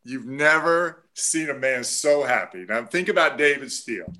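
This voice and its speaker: A man who works as a basketball broadcaster, telling an animated anecdote from a road trip. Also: medium pitch, moderate pace, a crowd in the background. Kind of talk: casual storytelling.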